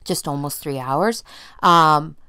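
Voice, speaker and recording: This Canadian woman co-hosts a podcast in casual chat. She rambles from one thought to the next and laughs easily. Her voice sits a little low and sounds smooth and clear. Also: slow pace, bright, forceful tone. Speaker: podcast co-host.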